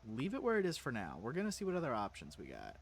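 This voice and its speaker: A man's voice: mid-range voice, wildly swooping pitch, fast talker, gravelly, faint music behind. A man casually playing a story game, reading its text aloud and adding joking asides. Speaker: let's play streamer. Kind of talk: casual gameplay commentary.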